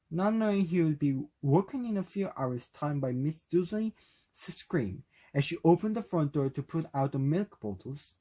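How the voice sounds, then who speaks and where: A man whose first language is Korean reading a novel aloud for speaking practice, at a careful, steady pace. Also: on the high side, rough recording. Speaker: reader.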